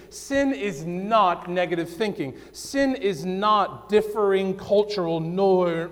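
Slow, fervent preacher in a reverberant hall. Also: male voice. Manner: dramatic swings between loud emphasis and hushed low phrases. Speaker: pastor. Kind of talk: sermon.

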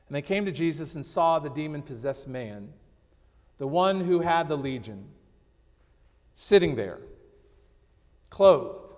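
A male pastor preaching a sermon, swinging between loud, emphatic passages and hushed, slowed-down lines. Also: high-pitched. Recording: long hall reverb.

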